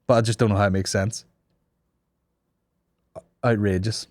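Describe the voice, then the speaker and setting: A man's voice: on the low side, fairly even intonation, unhurried, darkish tone, no room sound. A man hosting a comedy podcast, swearing a lot and laughing at his own crude jokes. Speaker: podcast host.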